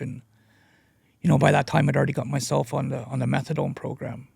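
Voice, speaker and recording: A man sharing his addiction recovery story as a guest speaker. He talks in a halting, earnest way and leans on "you know" a lot. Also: mid-range voice, flat delivery, gravelly, a little mellow, breathy edge, dry recording, clean studio sound. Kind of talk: personal testimony, casual storytelling.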